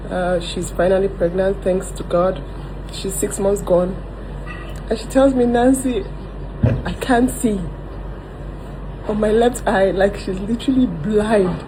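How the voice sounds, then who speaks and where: Earnest woman vlogger, noisy background. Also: medium pitch. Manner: earnest, frequent "like" and "oh my God". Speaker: vlogger sharing stories. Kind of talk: emotional personal vlog.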